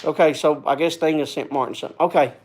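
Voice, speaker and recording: In a loose, casual live stream, a man with a notably high voice talks to his viewers fast, rambling, circling back and repeating phrases in a folksy manner. He sometimes gets himself worked up and then settles down. There's a little hiss or hum.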